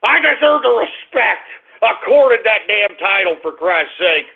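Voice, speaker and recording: A man hosting an internet radio show, ranting and cursing angrily, dropping to grumbles and rising to shouts. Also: sits high, sing-song, measured pace, gravelly, slightly rough. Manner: angry, cursing, swings between grumbling and shouting. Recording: tinny phone-like radio stream.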